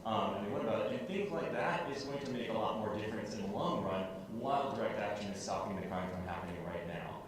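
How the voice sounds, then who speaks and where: A man's voice: lowish voice, animated, fast talker, few pauses, a crowd in the background. A man speaking on a convention panel, hesitant, with many fillers. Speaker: panelist educator. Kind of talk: panel discussion. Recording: distant mic in echoey hall.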